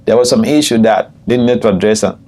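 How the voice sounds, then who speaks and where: An older man, a swami, teaching a scripture class, telling stories with frequent chuckles and jumping high in pitch when quoting people. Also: fairly quick, a little mellow. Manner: storytelling, chuckles often, jumps high in pitch for quoted speech. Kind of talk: scripture class with personal anecdotes. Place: temple room.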